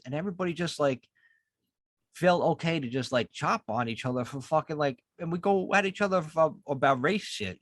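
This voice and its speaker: A man's voice: a little high, no echo, studio quality. Profane ranting man. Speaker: podcast co-host. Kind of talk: casual podcast chat.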